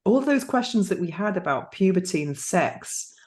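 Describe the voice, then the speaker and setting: A woman's voice: lowish voice, big pitch swings, normal speed, darkish tone. A woman hosting a podcast, chatting casually, laughing often and restarting her sentences. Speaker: podcast host. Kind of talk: casual interview chat.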